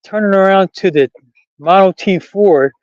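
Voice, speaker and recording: A chatty, rambling man talks into his camera while out on a country trail. His voice sits a little high for a man and laughs come easily. The sound is dull and lo-fi, dry and close, with no room around it. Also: a little slow, no echo. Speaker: vlogger. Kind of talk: casual walking vlog. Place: outdoors on a rural trail.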